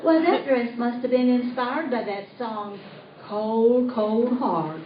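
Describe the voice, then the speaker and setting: A woman's voice: fairly high pitch, slow pace. A woman doing a comic impersonation of a chatty rural country gal in a hat with a price tag, with a rural Southern accent, telling folksy, giggly stories in a live stage monologue. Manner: folksy, hollering, giggly storytelling. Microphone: tablet recording from the audience. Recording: echoey, distant, dull live recording with faint hiss.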